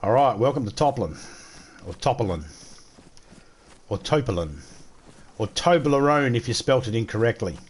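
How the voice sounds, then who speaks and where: A man's voice: mid-range voice, fairly quick, breathy edge. An Australian man chatting casually to viewers as he streams a survival game, joking and swearing freely. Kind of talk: casual live-stream chat while playing.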